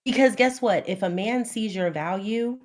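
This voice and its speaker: A woman relationship coach speaks as a podcast guest. She is blunt and emphatic, with a voice of middle pitch. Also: normal speed.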